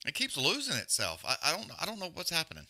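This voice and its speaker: A man livestreaming rattles off fast, casual, profane, wandering commentary on a fight while complaining about stream glitches. His voice is slightly high with huge swings in pitch and a sharp tone.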